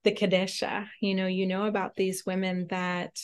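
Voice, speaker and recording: A woman's voice: mid-range voice, little pitch movement, moderate pace, clean tone. A woman guest, a priestess, explaining spiritual history in a fervent, preaching cadence.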